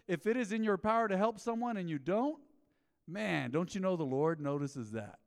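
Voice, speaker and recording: Folksy middle-aged pastor, reverberant church. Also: male voice, high voice, lively intonation, moderate pace. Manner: folksy storytelling, peppered with "man". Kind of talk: sermon. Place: church sanctuary. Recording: long reverb of a church hall.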